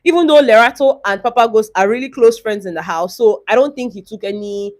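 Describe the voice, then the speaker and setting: A woman's voice: on the high side, brisk, a little mellow. A young woman, chatting casually in a vlog as she recaps a reality show, rambling and retelling scenes.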